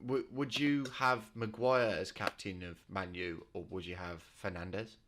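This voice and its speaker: A man co-hosting a football podcast over an online voice call, eager and quick to cut in. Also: low voice, steady tone, a crowd in the background. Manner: eager, jumps in and talks over others. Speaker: podcast co-host. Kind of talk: casual football chat. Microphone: online voice call over Discord.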